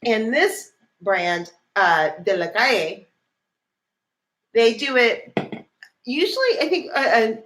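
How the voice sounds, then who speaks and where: A woman chatting casually on a livestream with her husband, telling stories in a lively, animated way. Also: on the high side, takes it slowly, long pauses. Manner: chatty, animated storytelling with laughs. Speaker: co-host, wife of the host.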